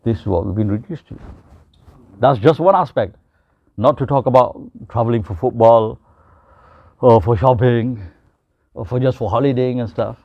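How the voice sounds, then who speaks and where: A man's voice: medium pitch, moderate pace, gravelly, pauses often, no room sound. A man giving an informal religious talk to a group, telling stories and acting out the people in them, slipping into Gujarati and Urdu phrases. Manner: storytelling with acted quotes, mixing English with Gujarati and Urdu phrases. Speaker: Islamic preacher. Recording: dull, muffled, dry recording.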